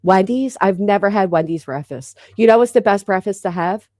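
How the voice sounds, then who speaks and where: Brief: thirties woman, live-stream host, mid-pitched, brash and chatty, swears, teases the chat; close, dry recording. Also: moderate pace, a little mellow, no room sound. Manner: brash, chatty, swears freely, teasing viewers. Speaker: livestream host. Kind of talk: casual live-chat banter.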